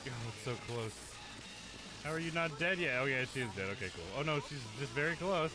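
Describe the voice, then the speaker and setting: A man streaming a game live, commenting in an excitable, profane way and giggling often. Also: a little high, moderate pace, music in the background.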